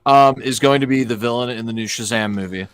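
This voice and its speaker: Podcast host, man, bright tone, dry close recording, curious and relaxed. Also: medium pitch, brisk, clean tone, no room sound. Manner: thoughtful, asks questions. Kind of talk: casual podcast chat.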